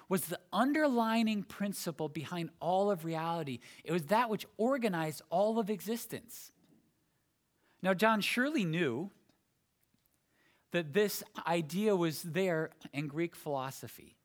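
Man, sermon, teaching a scripture passage, slightly high voice, emphatic, pausing. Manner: explanatory, emphatic with pauses and restarts. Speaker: preacher.

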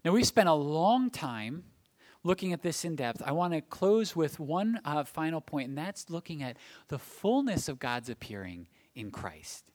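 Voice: mid-range voice, big pitch swings, unhurried. A pastor preaching a Sunday sermon, explaining scripture and building to emphatic, rising phrases at key points.

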